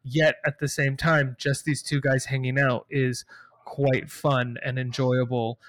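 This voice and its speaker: A man's voice: mid-range voice, flat delivery, measured pace, fairly bright tone. A man co-hosting a podcast, talking enthusiastically and casually about films. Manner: enthusiastic, lists titles and dates. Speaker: podcast co-host. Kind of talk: casual film discussion.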